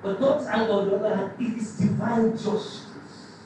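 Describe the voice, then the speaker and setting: A man's voice: sits high, fairly even intonation, moderate pace, background noise. A man preaching a sermon, emphatic and repetitive, stumbling into restarts as he drives his points home. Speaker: pastor. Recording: echoey hall, mic at a distance.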